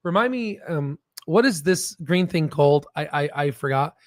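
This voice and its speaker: High-voiced rambling stock commentator man. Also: expressive, moderate pace, no echo. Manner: rambling, jokey, keeps asking "right?". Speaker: stock market video host.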